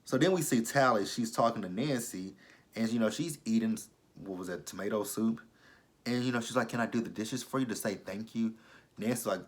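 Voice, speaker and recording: A man with a lowish voice talks straight to camera, recapping a TV episode. His delivery is casual and blunt, full of profanity. He breaks in often with incredulous asides. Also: a little fast. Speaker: TV episode reviewer.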